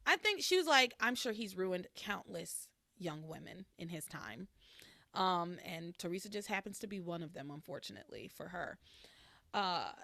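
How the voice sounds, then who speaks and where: A woman hosting a podcast alone, casually recapping soap opera episodes in a chatty, animated way. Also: medium pitch, no room sound, clean studio sound. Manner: chatty, animated retelling with quoted lines.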